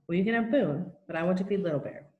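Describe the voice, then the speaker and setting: A woman's voice: lowish voice, fast, narrow, tinny audio, natural voice. A woman reading the lines of a young schoolboy who is anxious and fiercely protective. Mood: tense. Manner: urgent, hushed then fierce. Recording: roomy echo.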